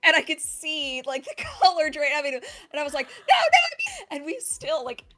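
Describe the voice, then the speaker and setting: Bright-voiced young woman telling a story. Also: sits high, very animated, moderate pace, soft background music. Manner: rambling, candid storytelling. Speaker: podcast co-host. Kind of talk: casual chat.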